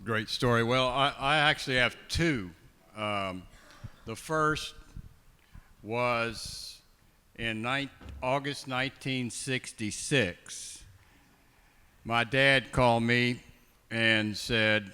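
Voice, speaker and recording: An older collector on a panel who tells his stories slowly and wryly. His voice is bright and smooth, with a long hall reverb behind it. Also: medium pitch. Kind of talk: storytelling on a panel.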